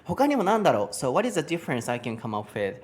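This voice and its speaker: A man hosting a casual conversation lesson, thinking aloud with frequent pauses and fillers as he searches for words. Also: a little high, huge pitch swings. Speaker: host of an English conversation lesson. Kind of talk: casual unscripted conversation in English and Japanese.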